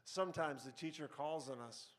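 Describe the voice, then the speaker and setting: A man in a broadcast studio reading a short story he wrote, with relaxed, conversational asides and filler words between passages. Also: a little high, normal speed. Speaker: author reading his own fiction. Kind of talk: live fiction reading with casual asides.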